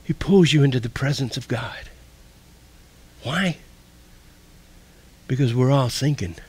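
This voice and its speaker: A man preaching a sermon and leading an altar call, impassioned, swinging from loud calls to hushed near-whispers. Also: medium pitch, measured pace, breathy edge. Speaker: pastor.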